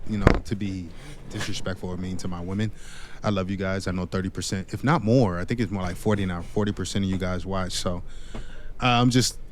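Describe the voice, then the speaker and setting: A man with a fairly low voice lectures in a measured, steady way, pausing on fillers as he explains. Faint background noise sits under the recording. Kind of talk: scripted dating monologue.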